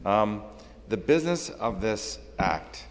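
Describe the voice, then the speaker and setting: A man's voice: lowish voice, expressive, takes it slowly. A man who is an associate minister, asking an earnest question in a parliamentary debate with many fillers. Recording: long hall reverb, faint room noise.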